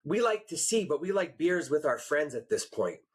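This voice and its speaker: A man hosting a podcast, his voice a little husky and pitched somewhat high for a man. He chats casually and tells stories with gusto, acting out the voices of people he quotes. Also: normal speed. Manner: animated storyteller, acts out quotes. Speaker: podcast host. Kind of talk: casual chat.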